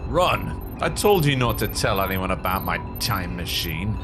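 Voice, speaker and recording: A man playing a stiff, deep time-machine owner. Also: very animated, a little slow, music in the background. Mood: indignant. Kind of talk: improvised comedy sketch.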